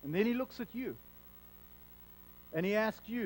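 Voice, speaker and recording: A man preaching a sermon as pastor, earnest, stumbling over repeated words as he stresses a point, and dropping to a soft hush on solemn lines. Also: sits high, animated, moderate pace, pauses often, a little hiss or hum, poor audio.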